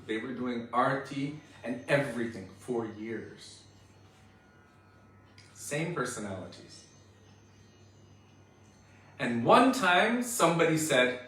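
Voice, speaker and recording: A man's voice: mid-range voice, lively intonation, measured pace, long pauses. A man giving an earnest, emphatic devotional lecture as a spiritual teacher. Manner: earnest, emphatic, forceful preaching. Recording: very echoey room, mic far off.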